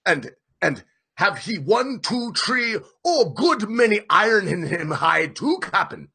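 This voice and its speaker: A man voicing a faltering, high harpooneer. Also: very animated, slow pace, gravelly, bright, forceful tone, slightly rough, full character voice. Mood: groping. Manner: faltering, groping for words. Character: halting male tribal harpooneer, broken speech.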